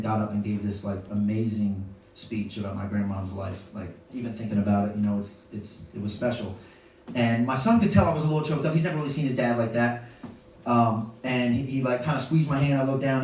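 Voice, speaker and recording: A man's voice: mid-range voice, darkish tone, a little hiss or hum. A man in his thirties doing a storytelling stand-up comedy set on a club stage, wry and self-deprecating. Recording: echoey club room, distant mic, audience laughter.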